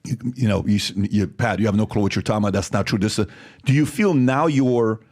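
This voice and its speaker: A man's voice: fairly low pitch, fairly quick, a little mellow. A man hosting a casual interview, asking blunt, rambling questions with many restarts. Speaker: podcast host.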